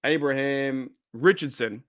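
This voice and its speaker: A man's voice: medium pitch, a little slow, dry recording, studio quality. Rambling Australian man telling a story. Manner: rambling, laughs often, restarts, Aussie slang. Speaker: podcast host. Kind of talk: casual live podcast storytelling.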